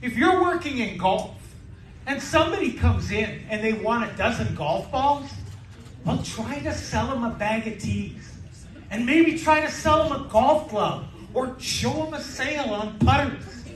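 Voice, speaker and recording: A man's voice: extremely high pitch, lively intonation, measured pace, recorded from a distance. A man playing a strict store manager lecturing new staff, recorded live in a roomy club with crowd noise behind. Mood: stern lecturing. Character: stern male store manager laying down rules.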